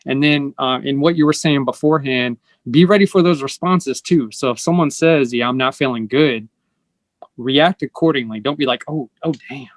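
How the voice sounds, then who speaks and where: A man's voice: medium pitch, normal speed, no echo. Earnest man hosting with a dry sound. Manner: earnest, explanatory, acts out quoted lines. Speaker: host. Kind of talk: casual conversational interview.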